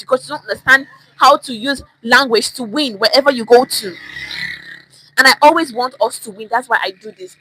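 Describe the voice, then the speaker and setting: A young Nigerian woman with a Nigerian accent teaching Pidgin English on a livestream, animated and repeating phrases to show tone. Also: a little high, no echo, poor audio. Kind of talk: livestream lesson.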